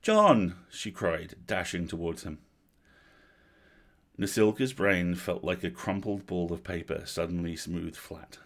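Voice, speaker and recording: Deep-voiced man reading a story aloud. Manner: steady, measured storytelling. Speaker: livestream story reader. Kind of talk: reading a horror novel aloud.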